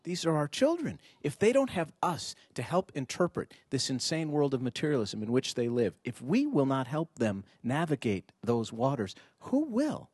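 Medium in pitch with a breathy edge, the voice of this middle-aged man moves at normal speed with hardly any pauses, in a dry, clean studio-quality recording. He addresses parents at an indoor venue in a lively, rhetorical talk with audience exchange, animatedly acting out dialogue.

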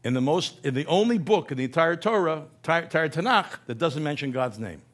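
A man's voice: on the high side, expressive, brisk, a bit bright, husky. A man giving a humorous lecture in a conversational way, often asking "right?" and correcting himself mid-word.

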